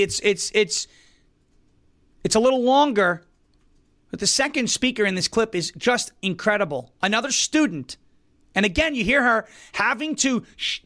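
A man's voice: very high-pitched, sharp tone. A man hosting an opinion show, delivering indignant, emphatic commentary. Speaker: political commentary host.

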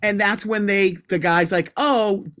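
A man from Boston co-hosting a podcast, telling rambling, animated anecdotes in casual chat. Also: high-pitched, moderate pace. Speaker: podcast co-host.

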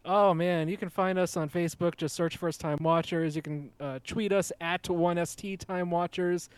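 A man's voice: high voice, steady tone, moderate pace, clean tone, no room sound. A man guesting on a podcast, teasing the host while running a quiz. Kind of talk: casual chat.

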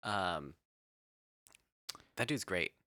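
A man's voice: deep voice, expressive, drawn-out words, bright, forceful tone, dry recording, studio quality. A man co-hosting a podcast, chatting casually, rambling with lots of fillers and easy swearing. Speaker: podcast co-host. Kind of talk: casual chat.

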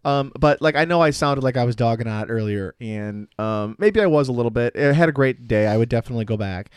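A man's voice: medium pitch, quick pace, smooth, dry recording, studio quality. A man co-hosting a podcast, chatting casually, explaining at length and joking. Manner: easygoing, explains at length, jokes. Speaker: podcast co-host. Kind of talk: casual chat with product review.

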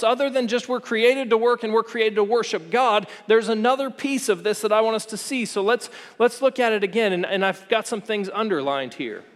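A man in his forties preaching a sermon as pastor, earnest and repetitive, with rhetorical questions to the congregation. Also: high voice. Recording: long hall reverb.

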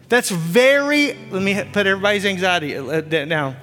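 A man's voice: sits high, expressive, moderate pace, hardly any pauses, pushed and bright. A man in his forties preaching a sermon as pastor on a church stage, impassioned and repeating his phrases. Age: 40s. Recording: long church reverb with faint music.

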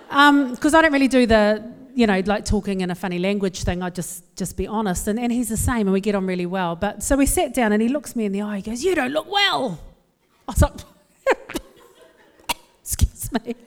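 A woman's voice: mid-range voice, quick pace. A woman with a New Zealand accent giving a humorous, candid personal talk to a live audience, telling stories in a self-deprecating way. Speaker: speaker. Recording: long hall reverb.

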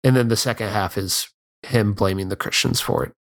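A man co-hosting a podcast, recapping a film's plot in a relaxed, casual way with fillers and dry remarks. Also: fairly low pitch, brisk. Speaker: podcast co-host. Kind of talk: casual film discussion chat.

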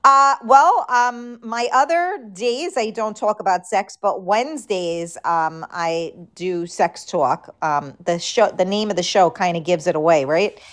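A woman's voice: medium pitch, measured pace, hardly any pauses, fairly bright tone. A woman in her thirties from the Bronx with a New York accent, hosting a live show in frank, casual chat and answering viewer comments.

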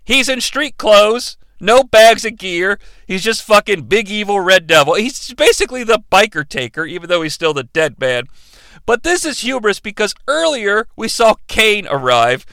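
Gravelly, bright-voiced wrestling podcast host. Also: male voice, sits high, normal speed, no room sound. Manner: profane, animated, sarcastic. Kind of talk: casual wrestling recap commentary.

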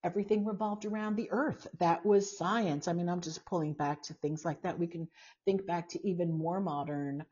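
Older lady host rambling on a live stream, low husky voice, dull muffled audio. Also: steady tone, normal speed, warm tone. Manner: conversational, musing, many fillers and asides. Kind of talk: casual live-stream talk. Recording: dull lo-fi sound.

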